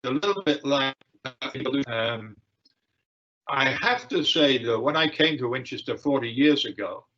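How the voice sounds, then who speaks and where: An older man giving a lecture and answering questions, with frequent fillers, pauses and restarts. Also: mid-range voice, animated, pushed and bright. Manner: hesitant, many fillers and restarts. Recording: dull lo-fi livestream audio.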